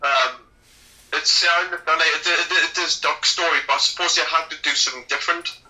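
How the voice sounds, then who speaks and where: Joking man, very bright tone. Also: fairly high pitch, fairly even intonation, fairly quick, poor audio. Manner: joking, self-mocking. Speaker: podcast co-host. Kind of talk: casual film commentary chat.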